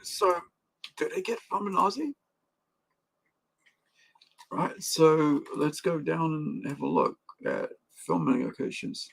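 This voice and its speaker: A man's voice: a little high, sing-song, slow pace, creaky, long pauses. A man, hosting a live stream and chatting casually in a rambling way with lots of fillers. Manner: rambling, with many fillers and restarts. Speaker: stream host.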